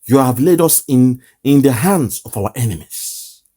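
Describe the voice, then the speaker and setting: Impassioned Nigerian man, lively voice. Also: medium pitch, a little slow. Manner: lamenting, repetitive, emphatic. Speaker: online commentator. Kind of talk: impassioned political commentary.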